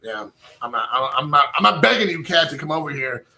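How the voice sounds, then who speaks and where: A man's voice: fairly high pitch, expressive, fairly quick, pushed and bright, a little hiss or hum. A man chatting casually to his viewers from home, rambling and poking fun at himself. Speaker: channel host. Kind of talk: casual vlog chat.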